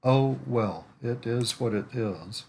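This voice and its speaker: A man's voice: medium pitch, takes it slowly, a little mellow, slight background noise. A man in casual screen-share commentary, thinking aloud as he browses profiles, rambling with restarts and asides, talking from home. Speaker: network marketer prospecting on a social site. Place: at home in winter.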